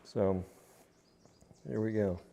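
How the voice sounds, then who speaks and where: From his home golf simulator, a man streams practice shots, casually coaching viewers as a group through his swings in a lowish, warm, creaky voice at a slow pace. He repeats his points, and the audio has its highs cut off.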